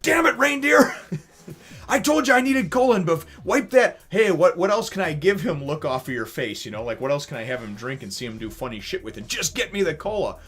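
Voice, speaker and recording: Man putting on a brash, shouty cyborg brawler; raised pitch, comic. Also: very animated, fast talker, hardly any pauses, husky. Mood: exasperated. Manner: shouty, exasperated.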